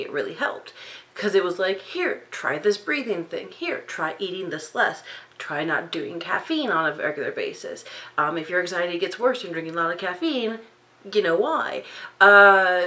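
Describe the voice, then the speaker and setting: Young woman rambling on a late-night vlog, low-ish bright voice, lots of likes and ums, running on no sleep. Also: rough recording. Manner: rambling, many fillers and restarts. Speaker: vlogger. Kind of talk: unscripted personal vlog.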